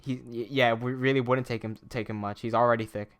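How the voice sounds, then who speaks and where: A man's voice: mid-range voice, steady tone, a little fast. A young man animator chatting casually on a livestream; he reads the chat aloud, laughs often and swears a lot. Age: young adult.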